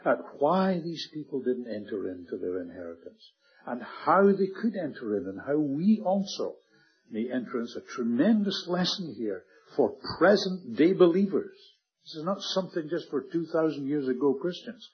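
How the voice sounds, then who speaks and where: Male preacher, husky, earnest sermon delivery, muffled old recording. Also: a little high, big pitch swings. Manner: earnest, emphatic, slows and drops to a hush on key words.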